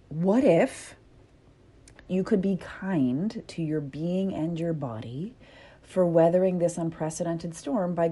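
A woman in her thirties talks straight to her listeners in a reflective solo monologue. Her voice sits low and mellow, and she swears freely and pokes fun at herself while coaching. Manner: candid, swears freely, self-mocking, coaching tone. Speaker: podcast host.

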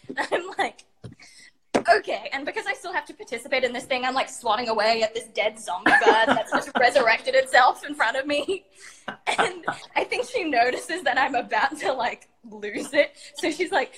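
A woman telling a comic personal story to an online audience, animated and laughing as she acts out the scenes. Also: high voice, moderate pace. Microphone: remote home mic.

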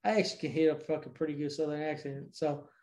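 A man's voice: on the high side, flat delivery, fast talker, background noise. A man from Georgia co-hosting a casual chat, recapping a movie in a rambling, profane way. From Georgia, USA.

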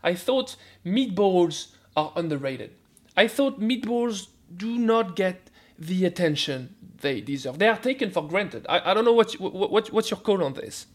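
A man's voice: high voice, sing-song, a little slow, hardly any pauses. A man with a French accent, a food scientist guest on a radio show, talking animatedly and often repeating words as he starts a sentence. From France. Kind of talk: radio interview.

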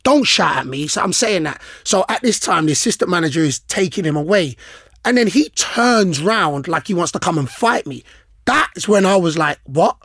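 High-voiced man, animated storyteller. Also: normal speed, no room sound, studio quality. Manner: animated storytelling, street slang. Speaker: podcast co-host. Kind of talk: casual podcast chat.

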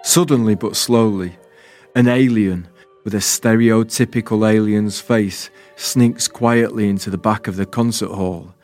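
A man tells a poetic spoken-word story, calm and deliberate with a wistful tone. He speaks very slowly in a lowish voice. Faint music plays underneath. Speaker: writer and performer, narrator.

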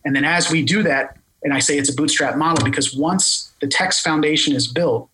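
A man with a Philadelphia accent explaining a technical product in an interview, talking fast and full of jargon. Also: a little high, pushed and bright, a little hiss or hum, rough recording. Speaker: tech company guest explaining voice AI.

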